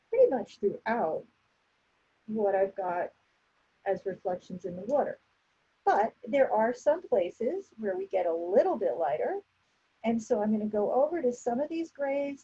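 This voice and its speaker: A woman demonstrating an oil painting and explaining each step as she works, in a relaxed, instructive way. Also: mid-range voice, breathy edge, lo-fi sound. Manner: relaxed, instructive, thinking aloud while painting. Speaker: painting teacher.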